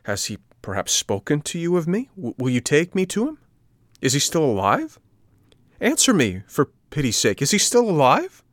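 A man voicing an eager, tearful boy puppet in a storybook reading, talking in a high, pleading, excitable way. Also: moderate pace, long pauses, husky, dry recording, studio quality, exaggerated voice. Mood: anxious pleading.

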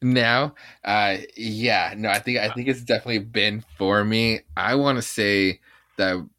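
A man with a low, bright voice chats casually as a podcast co-host. He is easygoing and agreeable, sounding close and dry. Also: fairly even intonation, measured pace, no room sound. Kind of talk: casual comic book review chat.

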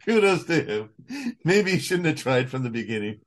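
A man's voice: on the high side, big pitch swings, measured pace. Man rambling about acting, laughing often. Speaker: voice actor guest. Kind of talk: casual interview chat.

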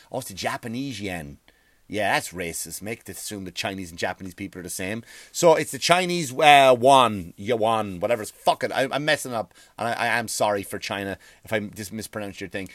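A man's voice: mid-range voice, big pitch swings, normal speed, a bit bright, no echo. A man hosting a podcast, ranting in a profane, rambling monologue, often stumbling over his words. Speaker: podcast host.

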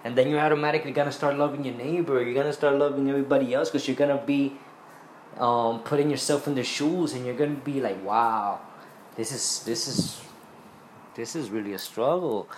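This podcast host, a man with a medium-pitched, darkish voice, rambles earnestly about his spiritual outlook, restarting his sentences often. It's a casual monologue recorded in an echoey room with a little hiss or hum.

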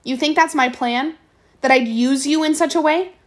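A woman's voice: sits high, moderate pace, lightly acted. A woman reading aloud and voicing a defiant, cocky teenage orphan boy who talks in a bold, defensive way.

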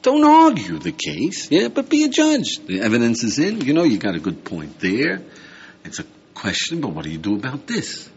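A rabbi giving an animated lecture to a live class, often checking in with "yeah?" and "right?". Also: male voice, mid-range voice, moderate pace, breathy edge. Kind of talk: lively lecture with audience questions. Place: lecture room with a live audience. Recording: muffled older lecture tape with faint hiss.

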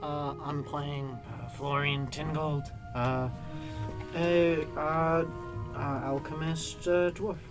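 A hesitant man introducing himself slowly, stopping on fillers between words. Loud music plays behind his slightly high voice. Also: little pitch movement. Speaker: player.

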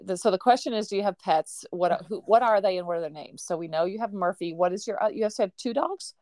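A woman's voice: medium pitch, quick pace, a little mellow, no echo. A woman hosting a podcast, chatting casually, asking her guest questions and laughing often. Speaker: podcast host. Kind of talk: casual interview chat.

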